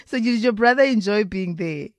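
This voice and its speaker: A woman's voice: mid-range voice, expressive, no echo. A woman hosting a casual chat, asking curious questions and teasing her guest. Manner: inquisitive, teasing, quick to laugh.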